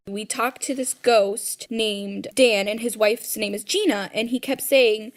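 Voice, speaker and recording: A woman's voice: mid-range voice, fairly even intonation, moderate pace, few pauses. A woman retelling a scary personal story in casual, rambling speech full of "like" fillers, recorded at home.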